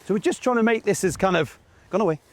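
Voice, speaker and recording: A man's voice: high-pitched, fast. A man who trains gundogs explains his commands in a chatty way while working his dog outdoors in a field, breaking off to call short commands to the dog. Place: outdoors in a field beside a game crop.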